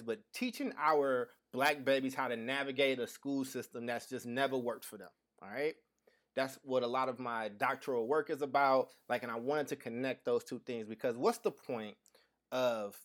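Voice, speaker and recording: Male podcast host, 30s, slight lisp, easy mid-pitched casual delivery. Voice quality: slight lisp from dental aligners. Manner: loose, talkative, restarts with slang. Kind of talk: casual live-stream chat.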